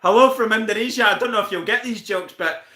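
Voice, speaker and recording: A man's voice: high voice, quick pace, bright, forceful tone, echoey room. A Northern Irish man hosting a casual live stream, swearing and laughing as he teases viewers by name. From Northern Ireland.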